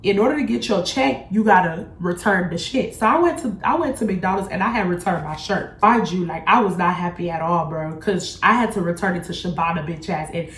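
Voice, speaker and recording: A woman's voice: on the low side, brisk, hardly any pauses, a little hiss or hum. Young woman telling a blunt, profane story. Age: young adult. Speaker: vlogger. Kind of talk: casual storytime. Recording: echoey room, faint music.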